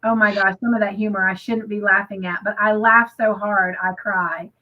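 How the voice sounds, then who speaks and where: A woman's voice: mid-range voice, fairly even intonation, normal speed. A woman co-hosting a crafting livestream, chatting casually and emotionally with lots of "you know" fillers, reading out viewer comments. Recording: muffled lo-fi stream audio.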